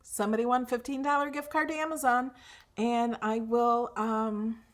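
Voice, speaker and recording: A woman's voice: on the high side, fairly even intonation, normal speed. A woman hosting a craft livestream, chatting casually with viewers, gushing over her projects with fillers and restarts.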